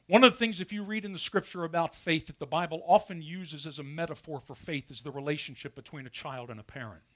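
A man's voice: fairly high pitch, fast, hardly any pauses. A man preaching a sermon as pastor from a church pulpit, asking his congregation questions as he goes. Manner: animated preaching with rhetorical questions.

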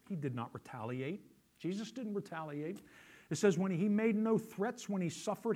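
A male pastor delivering a sermon in a fairly high, husky voice. His pitch swings widely as he preaches, and he keeps breaking into quoted voices to play out his listeners' excuses. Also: a little mellow.

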